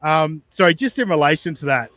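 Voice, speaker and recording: A man hosts a podcast with a slightly high voice and a dry, close sound. He reacts to clips casually, chatting, swearing and sounding incredulous. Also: animated, moderate pace, fairly bright tone, no room sound. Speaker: podcast host.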